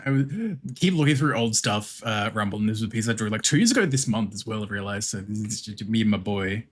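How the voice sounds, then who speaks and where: A man's voice: fairly low pitch, expressive, fast talker. A man with an Australian accent, chatting casually on a livestream, swearing freely and laughing often as he talks. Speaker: streamer.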